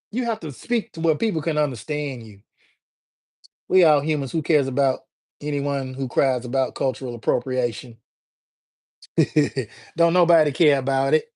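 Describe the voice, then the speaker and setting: A man's voice: a little high, a little mellow. A man from Alabama, hosting a casual livestream and chatting in a laid-back, slangy way while greeting viewers by name. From Alabama, USA. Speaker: livestream host.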